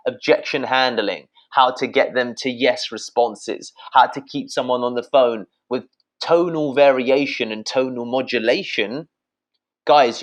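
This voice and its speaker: Guesting on a podcast, this Brit speaks in a mid-range voice and doesn't soften his sales tips, which come out blunt and full of energy. Profanity flows freely, and he addresses the audience as "guys."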